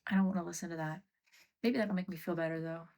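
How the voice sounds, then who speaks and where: A woman's voice: fairly low pitch, fairly even intonation, quick pace, darkish tone. Rambling woman scolding her pets. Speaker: livestreamer. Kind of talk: casual livestream chat.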